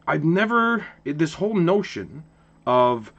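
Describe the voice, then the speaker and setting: Male vlog host from Ottawa, heated rant, swooping pitch, slightly muffled audio. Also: moderate pace. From Ottawa, Canada. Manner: passionate, repetitive restarts, animated. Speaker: hockey channel host. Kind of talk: casual opinion rant to camera.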